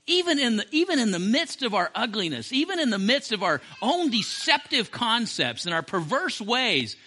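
Impassioned high-voiced preacher. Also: male voice, big pitch swings, moderate pace, pushed and bright. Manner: impassioned, repeats phrases and restarts mid-sentence. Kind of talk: sermon.

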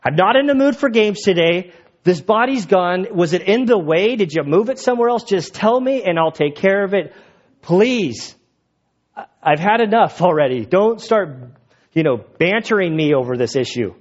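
A man's voice: extremely high pitch, very animated, moderate pace, hardly any pauses, darkish tone, voice pushed up. A man voicing a distraught grieving woman at a tomb, pleading in exasperation. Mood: frantic pleading. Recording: dull lo-fi recording.

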